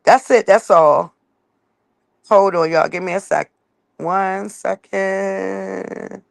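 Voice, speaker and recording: A woman's voice: on the low side, a little slow, gravelly, no room sound. A woman with kids talking bluntly to her viewers on a casual live stream, driving home each point with "facts" and "period.". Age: adult with children. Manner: blunt and emphatic, keeps punctuating with "facts" and "period".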